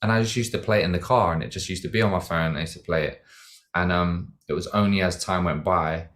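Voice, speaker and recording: Deep-voiced reflective man. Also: fairly even intonation, quick pace, fairly bright tone. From Britain. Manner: reflective, rambling with many fillers and restarts. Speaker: podcast guest, dancer and singer. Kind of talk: casual interview chat.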